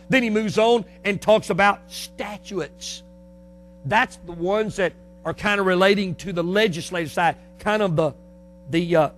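A man preaching a sermon with a Northern US accent, folksy and emphatic, swinging between loud and soft passages. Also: sits high.

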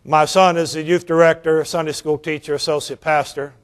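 Evangelist in his fifties, folksy and animated, high voice. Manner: folksy, animated, drawn-out emphasis. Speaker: evangelist preacher. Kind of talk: sermon with storytelling.

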